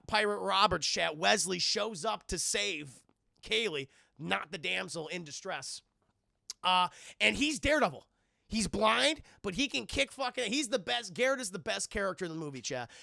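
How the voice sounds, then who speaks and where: A young man recapping a movie on a live stream, talking to his chat and swearing often as he rambles. His voice sits high, with heavy vocal fry and a bright edge. The sound is close and dry. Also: no echo. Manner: rambling, profane, addresses chat.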